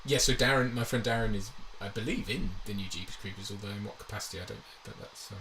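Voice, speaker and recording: A man's voice: fairly low pitch, fairly even intonation, fast, bright, forceful tone, far from the mic. A man chatting casually, rambling with lots of fillers and laughter. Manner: rambling, laughs often, many fillers and restarts. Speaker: co-host. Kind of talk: casual chat. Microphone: lavalier.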